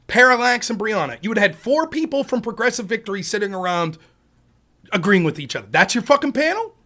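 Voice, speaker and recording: A man's voice: very high-pitched, sharp tone. A man hosting a political live stream, ranting in a profane, combative, sarcastic way. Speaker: livestream political commentator.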